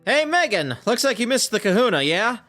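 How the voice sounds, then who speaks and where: A man voicing an excitable, cheery male professor, with loud, bouncy announcing. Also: extremely high pitch, a little fast, soft background music, pitched above the performer's own voice, exaggerated voice. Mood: excited.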